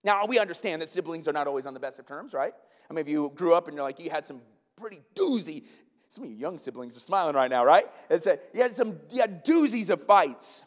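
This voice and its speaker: An American man preaching a sermon as pastor, lively and conversational, checking in with the congregation with frequent asides. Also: on the high side, fast. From United States. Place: church sanctuary. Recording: long hall reverb in a sanctuary.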